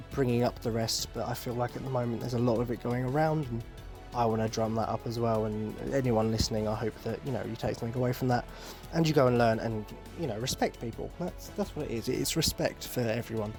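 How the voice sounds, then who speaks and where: A young man hosting a solo podcast in a loose, rambling way. He keeps cutting himself off with side jokes and second thoughts, at a middle pitch, with faint music underneath. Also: darkish tone. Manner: rambling, self-interrupting, joking asides. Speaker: podcast host. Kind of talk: casual solo podcast talk.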